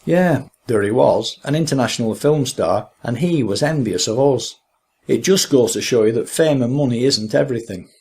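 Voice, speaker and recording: Man, interviewer, slightly raspy voice, mid pitch, deliberate phrasing. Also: a little mellow. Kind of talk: measured interview questions.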